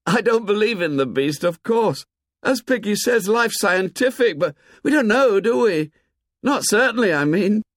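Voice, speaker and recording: A man reading aloud, voicing a talkative young boy who rushes his words out eagerly. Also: a little high, dry recording, studio quality, pitched above the performer's own voice, close to an everyday voice. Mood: eager, chattering. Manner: rushed, breathless chatter. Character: chattering talkative schoolboy, eager and fast.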